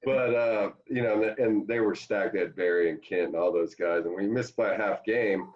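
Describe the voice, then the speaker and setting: Through a dull, lo-fi recording, the ex-ballplayer guest rambles through anecdotes full of fillers in a casual interview. He speaks at normal speed with a fairly low pitch.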